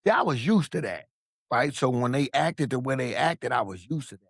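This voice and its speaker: Animated man telling his story, dry sound. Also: mid-range voice, fairly quick, husky, no echo. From Long Beach, California. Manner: animated, profane, acts out quoted voices. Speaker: podcast guest. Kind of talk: casual storytelling.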